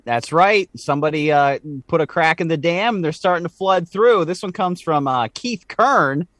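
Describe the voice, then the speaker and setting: A man's voice: on the high side, lively intonation, moderate pace, fairly bright tone, no echo. A man co-hosting a podcast, his voice sitting a little above the usual for men. He banters and explains in a joking, chatty way, and the sound is dry and close. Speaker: podcast co-host.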